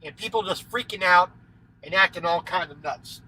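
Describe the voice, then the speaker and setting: A man's voice: sits high, moderate pace, pushed and bright, low-quality recording. A man who drives a truck, chatting casually on a livestream from his cab, rambling and repeating himself. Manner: rambling, scattered, repeats words, laughs easily. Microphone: headset.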